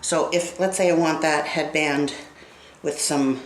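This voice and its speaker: A woman's voice: deep voice, fairly even intonation, normal speed, roomy sound, slight background noise, low-quality recording. A woman in her fifties, stuffy and congested, chatting casually to viewers while she styles her hair. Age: 50s. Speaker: beauty vlogger. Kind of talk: casual get-ready-with-me hair tutorial.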